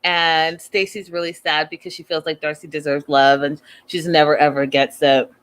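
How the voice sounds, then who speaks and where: A woman hosting a casual recap, talking in an animated, sassy, slangy way. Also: low-pitched, moderate pace, smooth. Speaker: host.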